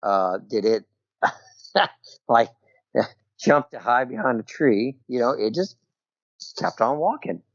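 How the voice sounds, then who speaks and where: This time the veteran's voice is medium-pitched and animated, but slow, with long pauses. Still a middle-aged podcast guest on Skype, he tells his personal story loosely, sprinkling in "you know" and "right?", over dull, dry call audio without room sound.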